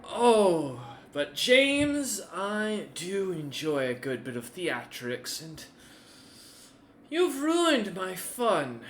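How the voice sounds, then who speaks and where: A man's voice: high-pitched, bright, forceful tone, a little hiss or hum, pitched above the performer's own voice, heavily acted. A man voicing a ruthless, greedy male warrior chief who talks in a mocking, menacing way, recorded in an echoey room.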